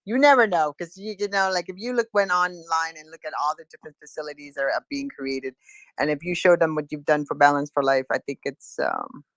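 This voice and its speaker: A woman hosts a casual online chat, friendly and loosely rambling. Her voice is low for a woman. The sound is dry and close. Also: fairly quick, no echo. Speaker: host.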